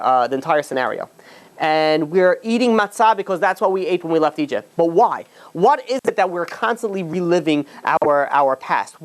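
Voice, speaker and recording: A male rabbi giving an animated storytelling sermon, talking straight to his listeners with many restarts. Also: high voice. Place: speaking in New York.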